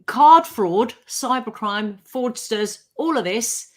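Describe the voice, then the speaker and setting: Woman, radio legal expert, clear measured explaining, talk show. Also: mid-range voice, lively intonation.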